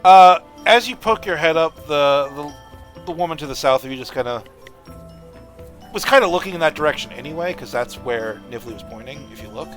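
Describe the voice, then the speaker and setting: A man runs a tabletop game, his voice sitting a little higher than most men's. He narrates in a loose, chatty way, doubling back on his words. Soft music plays faintly underneath. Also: expressive, brisk. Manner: loose, conversational narration with frequent restarts. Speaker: game master.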